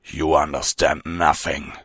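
A huge wolf king with a growling, menacing voice, deep and low, as a man puts him on. His speech stays dry and close, commanding and snarling, like a villain in an audiobook. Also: little pitch movement, unhurried, a bit bright, breathy edge, no echo, exaggerated voice. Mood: scheming.

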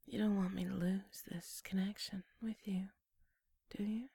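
A young woman in a whispered role-play, coaxing and teasing the listener in a soft whisper broken by quiet laughs and pet names. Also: medium pitch, fairly even intonation, normal speed, vocal fry, husky, no room sound. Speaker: ASMR role-play performer.

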